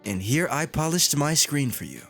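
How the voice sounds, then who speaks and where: A man's voice: a little high, big pitch swings, moderate pace, over music, pitched above the performer's own voice. A man reading the lines of a flirtatious male robot AI in a visual novel game, speaking in a sultry, insinuating way. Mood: teasing, insinuating.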